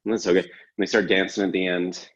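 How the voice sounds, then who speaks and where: A man's voice: deep voice, little pitch movement, brisk, slightly rough, lo-fi sound. A man hosting a casual chat, rambling and self-correcting and laughing often. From Canada. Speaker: podcast host.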